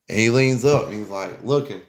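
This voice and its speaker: A man's voice: lowish voice, vocal fry. A man telling a long, rambling story in casual chat, full of slang and swearing. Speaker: podcast host.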